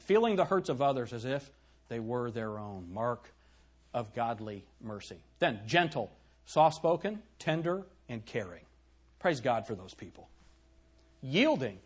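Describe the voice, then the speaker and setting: A middle-aged male pastor preaching in a church, his slightly raised voice swinging widely in pitch. The tone is husky and a little breathy, and he keeps putting rhetorical questions to the congregation. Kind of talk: sermon.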